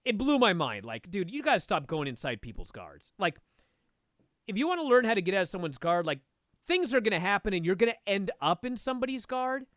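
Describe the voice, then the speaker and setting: A man talking as a guest and instructor, telling a story in a casual, animated way and swearing freely. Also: high-pitched, a little fast, no echo, clean studio sound. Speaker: podcast guest, martial arts instructor.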